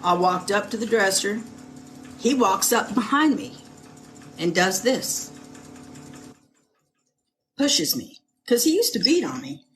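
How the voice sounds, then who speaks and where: A woman's voice: medium pitch, big pitch swings, a bit bright, a little hiss or hum. Emotional woman telling a painful story. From United States (California). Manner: emotional, halting, with repeated words and restarts. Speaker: guest. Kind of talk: personal testimony in a podcast interview.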